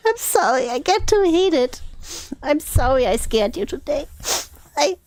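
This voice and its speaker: A woman's voice: high-pitched, sing-song, measured pace, darkish tone. A woman voicing a clingy, apologetic young man, reading his messages in a mock plaintive whine. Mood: pleading.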